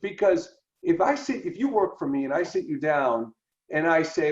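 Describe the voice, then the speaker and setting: Animated man, lively pitch, roomy sound. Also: normal speed, dull audio. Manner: animated, acts out quoted dialogue. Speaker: podcast co-host. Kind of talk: conversational podcast discussion.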